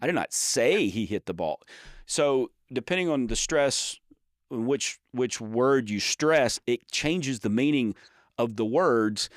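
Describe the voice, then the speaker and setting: A man's voice: medium pitch, no room sound. A man in a mid-range voice talks through his ideas with emphatic examples, often restarting his sentences. He co-hosts a casual trade podcast. The sound is close and dry. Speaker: podcast co-host. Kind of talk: casual chat.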